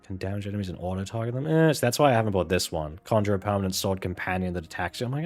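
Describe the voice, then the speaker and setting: A man's voice: fairly low pitch, very fast, hardly any pauses, darkish tone, faint music behind. A man casually rambling while playing a game, full of fillers and restarts, frank and offhand. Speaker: gaming channel host.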